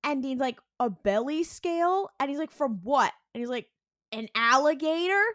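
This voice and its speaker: A woman co-hosting a podcast, casually recapping a TV episode and acting out the characters' lines in quick voices, with a lot of "like". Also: high-pitched, lively intonation, fairly bright tone, no echo, studio quality. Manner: heavy use of "like" and "and he's like". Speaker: podcast co-host.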